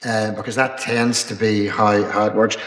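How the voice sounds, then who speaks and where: An older man, an archbishop, answering questions at a public dialogue in a measured, rambling way, pausing with ums and restarts. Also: fairly low pitch, little pitch movement, a bit bright. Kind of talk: unscripted panel answer. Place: college chapel. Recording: echoey chapel with long reverb.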